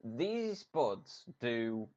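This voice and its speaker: A man co-hosting a gaming podcast with a lively, bouncing voice that rises and falls a lot. He jokes freely and walks through details, heard over a dull, lo-fi remote mic. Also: medium pitch, very slow, over a noisy crowd. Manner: lively, joking, explains things in detail. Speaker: podcast co-host. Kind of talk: casual gaming podcast chat.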